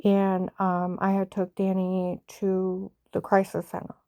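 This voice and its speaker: Woman, middle-aged, personal storytelling, emotional, rambling with fillers, mellow tone, dry room. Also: mid-range voice, monotone, unhurried, no room sound. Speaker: mother telling her story.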